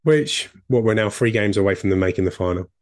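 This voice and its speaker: A man's voice: lowish voice, lively intonation, quick pace, darkish tone, no room sound, studio quality. A man with a Cockney accent co-hosting a sports podcast, chatty and enthusiastic. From England. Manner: chatty, enthusiastic, repeats himself when thinking. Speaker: podcast co-host. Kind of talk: casual sports chat.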